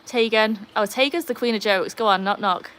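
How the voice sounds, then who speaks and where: A woman's voice: mid-range voice, moderate pace, a bit bright. Chatty Welsh woman livestreaming. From Wales. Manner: chatty, reads out viewer comments, talks to her dogs. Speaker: livestream host. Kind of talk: casual live-stream chat. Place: outdoors by a backyard pool.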